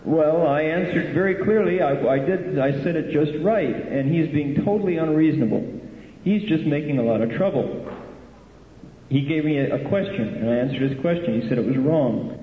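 Brief: a man voicing an indignant young disciple, quick protesting delivery, tinny echoey hall sound. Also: a little high, close to an everyday voice. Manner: protesting, rapid, insistent. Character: indignant young male disciple, hot-tempered.

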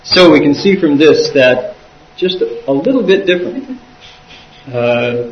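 Male interpreter for a dharma talk, lively retelling with voiced quotes; echoey and far off on a dull recording. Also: on the high side, normal speed, noisy background.

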